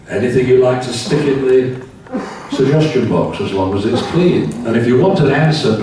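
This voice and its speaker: A man's voice: medium pitch, a little mellow, a little hiss or hum. Man making club announcements in an echoey hall. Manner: matter-of-fact, with dry asides. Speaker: club meeting host. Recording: very echoey hall, distant mic.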